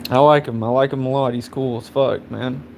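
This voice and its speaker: A young man rants on a live stream in a loose, profane ramble full of fillers. His voice sits at an ordinary middle pitch. A faint background noise hums under it. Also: fairly even intonation, fairly quick, creaky. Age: 20s. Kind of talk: casual rant.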